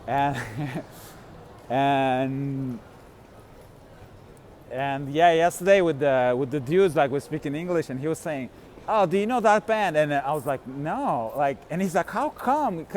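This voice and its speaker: A man's voice: a little high, darkish tone. A man vlogging as he walks outdoors in a city, talking casually and rambling with many fillers, restarts and frequent laughs. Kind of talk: casual walking vlog. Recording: faint street noise.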